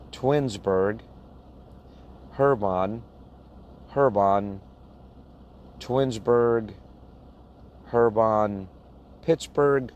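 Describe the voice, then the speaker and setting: Low-voiced guy talking real slow to his viewers, laid back and plain, some vehicle hum behind him. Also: a little mellow, lo-fi sound. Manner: slow, plain-spoken, laughs at his own mispronunciations. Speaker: box truck owner-operator vlogger. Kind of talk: casual talk to viewers, reading a load list aloud.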